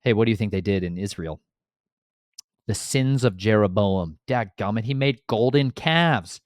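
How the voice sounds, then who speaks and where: A man giving a casual Bible teaching in an animated, slangy, exasperated storytelling way. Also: lowish voice, moderate pace, no room sound, studio quality.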